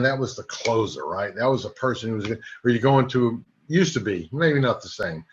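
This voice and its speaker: A man in his sixties giving a sales training talk, a lively storyteller who throws quick asides to his audience. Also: medium pitch. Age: 60s. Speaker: network marketing trainer. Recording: dull lo-fi recording.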